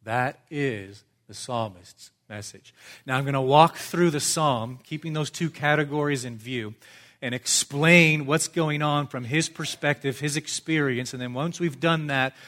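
A man's voice: mid-range voice, unhurried, fairly bright tone. A man preaching an expository sermon as pastor, structured and emphatic, repeating phrases for stress. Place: church.

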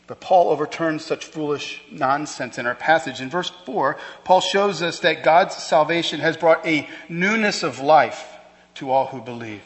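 A man's voice: a little high, a little slow. Man preaching in a reverberant hall. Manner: emphatic, rhetorical questions, conversational asides. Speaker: pastor. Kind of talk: sermon. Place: church.

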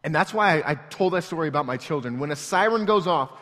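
A pastor preaching an earnest, emotional sermon that moves between hushed and loud passages. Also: male voice, on the high side, lively intonation, fast talker. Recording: long reverb from a large hall.

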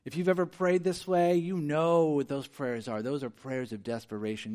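A man preaching a sermon as pastor. He swings between hushed and emphatic phrases, asks his listeners questions and acts out quoted voices. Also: a little high, fairly even intonation, normal speed.

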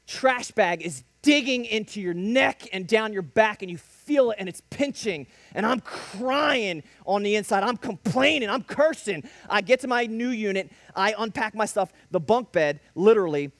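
A man's voice: sits high, a bit bright, no room sound. A man telling a faith testimony in emphatic preacher-style storytelling, with punchy short sentences that rise to bursts. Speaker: speaker giving a faith testimony.

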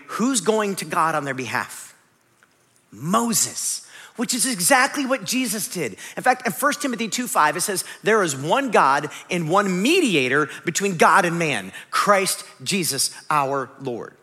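Animated preacher man, high and bright. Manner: animated, swings from loud pleading to hushed near-whisper; jokey asides. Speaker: pastor. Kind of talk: sermon. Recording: long hall reverb.

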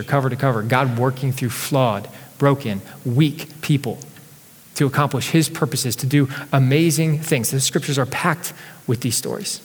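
A man preaching a sermon as pastor, talking conversationally and reading scripture aloud with rising energy. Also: mid-range voice. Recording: long hall reverb.

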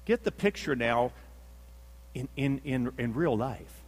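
A man's voice: mid-range voice, animated, slow pace, long reverb tail. A man preaching a sermon, telling the story dramatically, acting out the quotes and repeating himself for emphasis.

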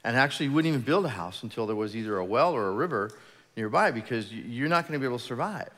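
A man who is a pastor, preaching a sermon in an animated storytelling manner, acting out the voices of people in his stories. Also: medium pitch, very fast. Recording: long hall reverb.

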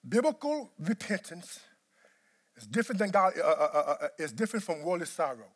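A man preaching a sermon as pastor, swinging from quiet, low talk to shouted emphasis and repeating words to drive points home. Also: very animated, fairly quick.

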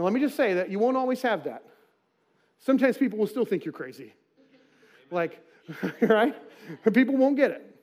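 A man's voice: sits high, a little mellow. A man preaching a sermon as pastor, conversational and earnest, acting out quoted asides.

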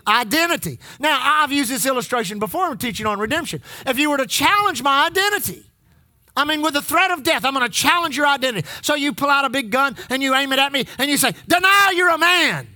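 Very high, bright-voiced preaching man. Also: fast talker, dry recording, studio quality. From Texas. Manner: preaching with call-and-response amens, repeats lines for emphasis. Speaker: pastor. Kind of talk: sermon.

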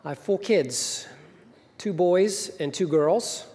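Middle-aged male minister, storytelling sermon, slightly high voice, long hall reverb. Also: slow pace, a little mellow. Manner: storytelling, acts out quoted voices. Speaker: senior minister. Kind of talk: sermon with anecdotes. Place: church hall.

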